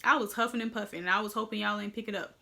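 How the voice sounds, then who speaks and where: A woman's voice: mid-range voice, fairly even intonation, very fast, vocal fry, bright, forceful tone. A young woman chatting candidly to her viewers in a pregnancy update vlog, sounding a little winded. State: slightly out of breath. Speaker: vlogger.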